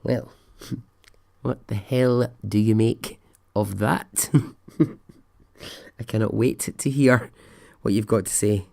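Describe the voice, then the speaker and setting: A man's voice: on the low side, steady tone, takes it slowly, gravelly, long pauses, mellow. A man hosting a podcast, telling a story in a casual, rambling way and swearing freely. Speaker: podcast host.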